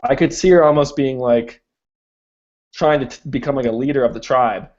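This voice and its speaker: Young male co-host, casual and halting, mid-pitched, dull lo-fi sound. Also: a little mellow. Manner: hesitant, many restarts and fillers. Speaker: podcast co-host. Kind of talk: casual chat. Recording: dull lo-fi recording.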